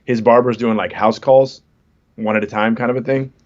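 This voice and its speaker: A man's voice: mid-range voice, steady tone, moderate pace, a little mellow, muffled recording. A man in his fifties, a comedian guest, chatting casually on a podcast and telling stories with self-deprecating jokes. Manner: laid-back storytelling, self-deprecating jokes.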